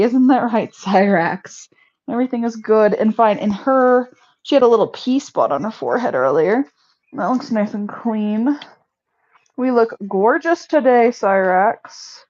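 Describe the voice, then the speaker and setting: A woman's voice: fairly high pitch, darkish tone. A woman hosting a casual homestead livestream, chatty and laughing at her own mishaps. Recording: slightly dull lo-fi audio.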